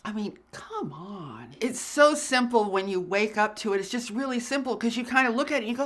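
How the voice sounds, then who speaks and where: Woman host, fairly high pitch, earnest emphatic talk to camera, repeats herself for punch. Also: expressive, a little fast, hardly any pauses, fairly bright tone. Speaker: spiritual channel host. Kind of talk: casual direct-to-camera talk.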